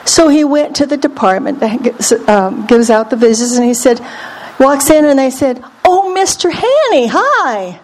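A woman preaching a sermon, animated and leading the congregation to repeat scripture back to her. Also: a little high, moderate pace, slight background noise. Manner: lively, calls on the congregation to repeat.

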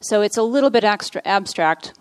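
A woman preaches in an earnest, teaching way, pausing on fillers as she works through scripture. Her voice sits at a middling pitch. The sound is dry and close, with no room around it. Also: lively intonation, smooth, no echo. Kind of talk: sermon.

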